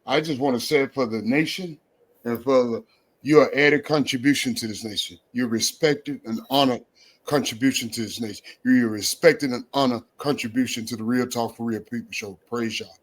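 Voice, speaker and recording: An effusive man hosting a religious talk show. He praises his callers over and over in a voice of medium pitch. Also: steady tone, normal speed. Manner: effusive, repeats praise phrases. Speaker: show host.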